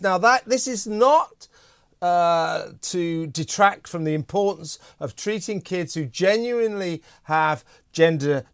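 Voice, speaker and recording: A man's voice: on the high side, no room sound, clean studio sound. A man hosting a radio debate, pressing his guests in a pushy, argumentative way. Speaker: host.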